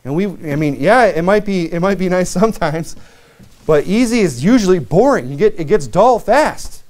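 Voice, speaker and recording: A man from Michigan preaching a sermon, animated, with many asides and acted-out quotes. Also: high voice, moderate pace. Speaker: pastor.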